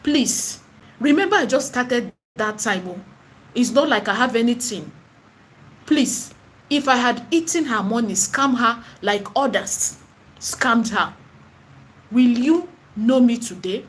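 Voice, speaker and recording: A woman's voice: fairly high pitch, lively intonation, slow. A woman with a Nigerian accent gives an impassioned preaching monologue in her vlog. She is emphatic and repetitive and slips into Pidgin and Igbo phrases. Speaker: online seller and spiritual vlogger.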